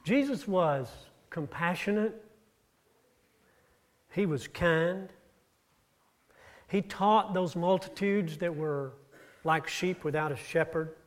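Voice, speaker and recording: Male preacher, slightly high voice, storytelling sermon delivery with rises and drops. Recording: audio-only church recording.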